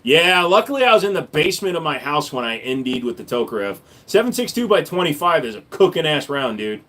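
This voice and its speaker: A man's voice: fairly high pitch, very animated, a little fast, few pauses, pushed and bright. A man hosting a casual livestream, reading viewer comments and answering with blunt, profane jokes. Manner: profane, blunt, joking banter with chat. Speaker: livestream host reading chat.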